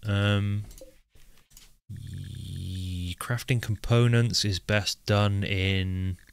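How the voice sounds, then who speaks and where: A man's voice: deep voice, level tone, very slow, gravelly, no room sound. A man giving live commentary while playing a colony game, chatty and joking, talking to his in-game characters as he goes. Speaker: game streamer.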